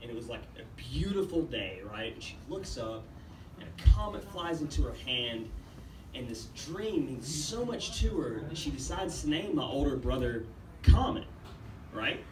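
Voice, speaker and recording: At an open mic, a young comedian from Ethiopia rambles through a relaxed, profanity-heavy set, speaking at a moderate pace with a very animated medium-pitched voice. The roomy recording uses a distant mic and has faint background noise.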